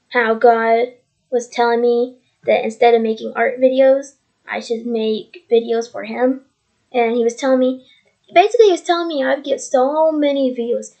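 Sharing her faith in a casual vlog from home, a woman rambles earnestly and says the same things again, speaking into her computer mic. Her voice sits a little high, with a gravelly, darkish tone, and the sound is lo-fi.

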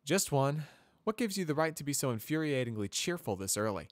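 A man's voice: fairly high pitch, sing-song, no echo, studio quality, pitched above the performer's own voice. Man voicing Spitfire, a sarcastic mare cadet. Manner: sarcastic, grumpy, quick-tempered. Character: tough, prickly young female pegasus cadet.

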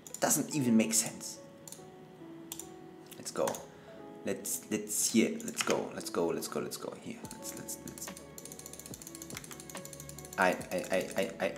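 A man gives live gameplay commentary in a loose, joking way, chuckling and chatting to the creatures on screen. His voice is lively and bouncy in pitch, and he takes his time with his words. Soft music plays faintly behind him. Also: slow pace, pauses often. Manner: playful, chatty, laughs often, talks to game animals. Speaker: gaming streamer.

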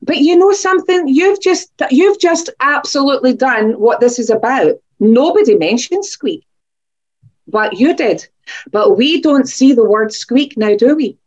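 Encouraging woman teaching kids online; high pitch, muffled video-call sound. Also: expressive, measured pace, darkish tone. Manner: encouraging, questioning pupils by name. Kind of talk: online creative writing lesson for children.

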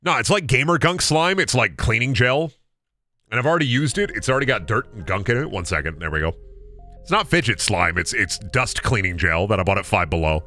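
A goofy man chatting on a game stream, with a bright, sharp tone. His pitch bounces all over as he riffs on silly phrases for his viewers. Faint music plays behind him. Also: expressive, fairly quick. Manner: goofy, repeats silly made-up phrases in a sing-song way; talks to chat and viewers, thanks subscribers. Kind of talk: casual gaming stream chatter.

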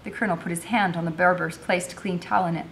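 Woman, lowish voice, reading a novel aloud, expressive narration. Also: quick pace, creaky.

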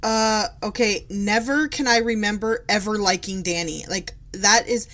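A woman's voice: mid-range voice, unhurried, a bit bright. A woman co-hosting a casual podcast over a video call, teasing her partner, giggling and adding dry asides. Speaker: podcast co-host. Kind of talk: casual chat. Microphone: video call with microphone.

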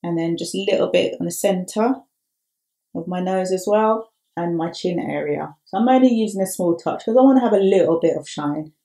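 Chatty woman makeup artist, lower voice. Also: normal speed, warm tone. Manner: chatty, upbeat, step-by-step explaining. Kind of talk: makeup tutorial.

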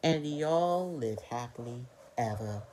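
A woman's voice: very deep voice, lively intonation, unhurried, dark tone, slight background noise. Hesitant woman telling a toy story. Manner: hesitant, with fillers and slips. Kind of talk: improvised children's story narration.

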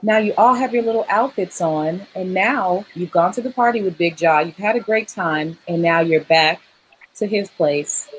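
A woman's voice: lowish voice, normal speed, a little hiss or hum, low-quality recording. A woman hosting a livestream dating game show, playful, laughing often and reading out donations. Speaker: host.

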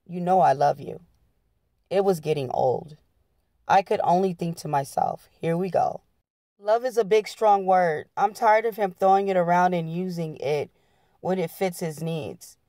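A woman's voice: fairly low pitch, normal speed, dark tone, no echo, clean studio sound. A woman reading a memoir aloud in a plain-spoken, blunt way.

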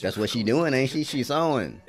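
A man's voice: mid-range voice, expressive, moderate pace. A man giving casual reaction commentary on an anime episode, talking back to the screen with frequent exclamations and laughs. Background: faint episode soundtrack music.

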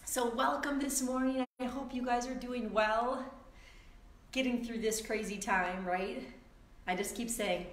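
A woman fitness instructor chatting with viewers before a live online workout class, upbeat and greeting people by name, her voice a little hoarse from the morning. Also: a little high, steady tone, a little slow, reverberant. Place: room at home.

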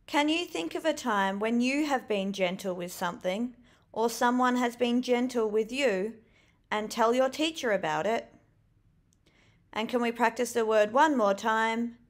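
A woman teacher giving a children's vocabulary lesson, with slow, clearly enunciated, encouraging prompts. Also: on the high side.

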